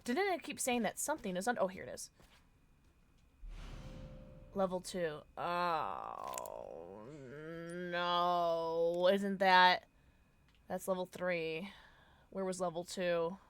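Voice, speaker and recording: A woman streaming a horror game live, chatting with her viewers, thanking them and reacting loudly to scares. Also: fairly low pitch, a little slow, long pauses, smooth.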